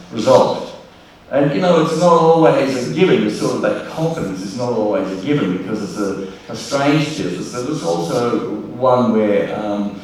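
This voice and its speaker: A man's voice: fairly low pitch, a little hiss or hum. An older man, telling wry anecdotes as a guest speaker at a ceremony. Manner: relaxed storyteller, wry humour, frequent restarts. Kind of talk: anecdotal speech at an awards ceremony. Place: large hall at a public ceremony. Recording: very echoey hall from far off.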